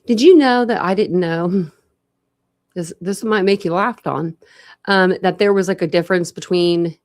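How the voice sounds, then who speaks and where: The young woman hosting this true crime livestream is from Ohio and has a retainer in as she talks. Her voice is fairly low and a little mellow, and she speaks a bit slowly. She greets viewers and chats loosely and rambly, saying "like" often.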